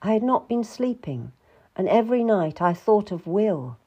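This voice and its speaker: A woman reading a first-person historical novel aloud in a measured, reflective way. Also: medium pitch, big pitch swings, dark tone, breathy edge, dull audio. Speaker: audiobook narrator.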